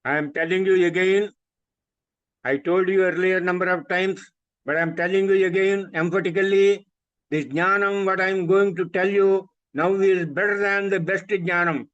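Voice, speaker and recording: A man with an Indian English accent and a fairly high voice teaches scripture in an emphatic way. He goes back over his points and keeps asking rhetorical questions. The sound is dull and muffled, as on a video call. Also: steady tone, moderate pace, a bit bright. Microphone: video call microphone.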